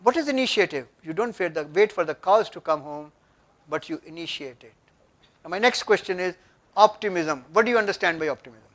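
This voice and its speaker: In a conference room, an older workshop speaker with an Indian English accent gives an emphatic motivational lecture, frequently questioning his audience. His high-pitched voice is fairly bright, briskly paced and lively in intonation.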